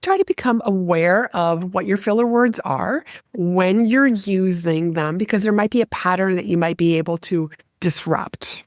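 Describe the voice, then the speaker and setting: Low-voiced woman coaching on a podcast. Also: normal speed, dry recording, studio quality. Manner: conversational, direct coaching tone. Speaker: podcast host and speaking coach. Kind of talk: solo podcast advice talk.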